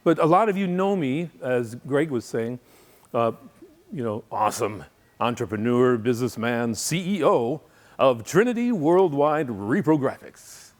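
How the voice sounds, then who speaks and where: A middle-aged man from Wisconsin, a guest speaker giving a humorous, rambling talk to a men's group with deadpan asides. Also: medium pitch, a little slow. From Wisconsin, USA. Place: coffee shop.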